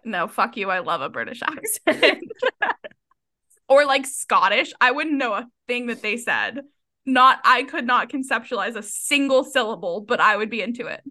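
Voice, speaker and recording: A woman co-hosting a book podcast, chatting casually and swearing freely. Her voice sits a little high, swings widely in pitch and has a bright, forceful edge. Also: normal speed. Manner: animated, laughing, swears freely. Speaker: podcast co-host.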